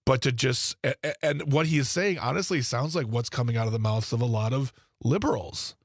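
Gravelly, husky man talking politics. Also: mid-range voice, brisk, no room sound, studio quality. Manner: conversational, with frequent restarts and asides. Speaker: political commentator. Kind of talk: casual political discussion.

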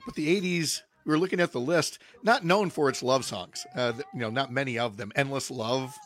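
A man's voice: mid-range voice, fairly quick, a bit bright. A man hosting a radio show, chatting casually with frequent fillers and laughing asides.

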